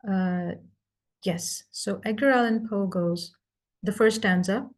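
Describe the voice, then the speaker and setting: A woman leading a speaking club meeting, explaining poetic structure step by step in a measured way over a video call. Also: mid-range voice. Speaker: Toastmasters meeting leader. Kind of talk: explanatory club talk on poetry.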